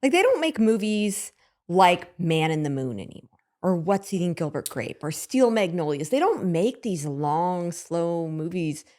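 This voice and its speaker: A woman co-hosting a casual podcast, chatty and animated, acting out little quotes as she talks. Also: lowish voice, measured pace. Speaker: podcast co-host.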